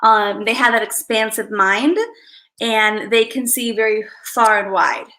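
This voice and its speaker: A woman's voice: fairly high pitch, fairly even intonation, measured pace, sharp tone, low-quality recording. A woman hosting a casual livestream, chatting in a rambling way and greeting viewers by name. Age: adult parent. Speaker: livestream host.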